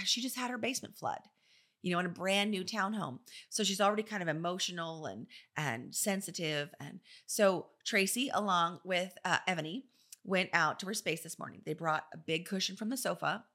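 Middle-aged woman, interior designer, chatty storyteller, bright voice. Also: on the low side. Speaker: interior designer and business owner. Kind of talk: casual advice talk.

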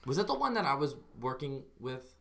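A man's voice: mid-range voice, sing-song, a little fast, fairly bright tone. A man co-hosting a casual chat, reacting with short remarks and follow-up questions.

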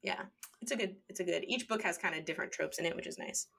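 Lady podcast cohost, kinda low voice, chatty, laughs a lot, lots of "like". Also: fast talker, vocal fry, fairly bright tone, slightly rough. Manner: chatty, laughs often, many "like" fillers. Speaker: podcast co-host. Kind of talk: casual chat.

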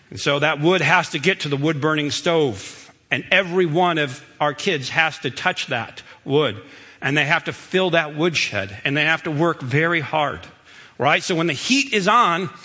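A man's voice: on the high side, bright, forceful tone. A middle-aged man giving a sermon to a congregation, telling family stories in a conversational, emphatic way. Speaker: preacher. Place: church sanctuary. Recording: long reverb of a church hall.

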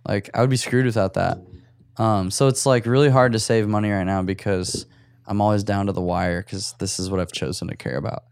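A man's voice: lowish voice, steady tone, fairly quick, creaky, darkish tone, no room sound. A young man co-hosting a podcast in casual chat, joking and laughing often. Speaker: podcast co-host.

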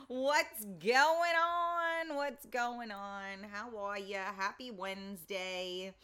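A woman hosting a live online talk show, chatty and lively, laughing easily as she greets listeners. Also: mid-range voice. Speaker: host.

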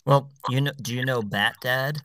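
A man's voice: medium pitch, fairly even intonation, moderate pace, fairly bright tone, no room sound. A man in his fifties talking casually, telling stories in a dry, matter-of-fact way. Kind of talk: casual chat.

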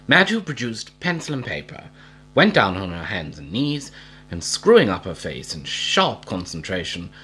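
A man reading a storybook aloud in a slow, expressive storytelling manner. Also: low voice, slightly rough, low-quality recording.

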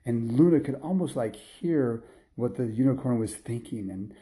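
Mellow-voiced man telling a children's story. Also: medium pitch, animated, normal speed. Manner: rambling, restarts sentences, sound effects.

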